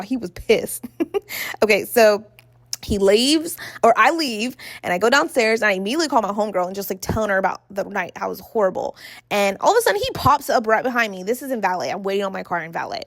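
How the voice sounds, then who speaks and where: A woman's voice: mid-range voice, dry recording, studio quality. Chatty woman telling a story. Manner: chatty, addresses viewers as y'all, acts out quotes. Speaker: vlogger. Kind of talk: storytime vlog while getting ready.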